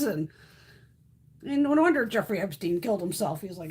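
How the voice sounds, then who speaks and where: A woman's voice: medium pitch, lively intonation, brisk, husky. A woman hosting a casual live stream, ranting bluntly and profanely, reacting to chat comments as she goes. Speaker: beauty livestream host.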